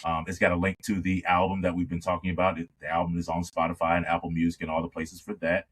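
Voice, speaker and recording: Husky low-voiced man telling stories. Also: quick pace. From born in New York. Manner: lively storyteller, steady stream of agreeing "yeah"s. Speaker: guest, singer and radio host. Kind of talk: casual conversation.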